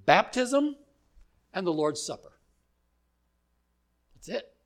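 A man delivers a sermon at a slow, deliberate pace, his voice sitting a little above the usual male pitch. He stresses key words and lets pauses hang between phrases. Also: sing-song. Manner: measured, emphatic preaching with deliberate pauses, ending in prayer. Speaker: pastor. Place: church gathering.

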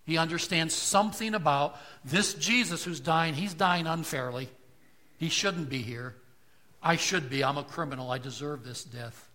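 A man preaching a sermon to a congregation, asking rhetorical questions and moving between hushed, soft passages and loud, emphatic lines. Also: on the high side, moderate pace. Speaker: pastor. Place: church.

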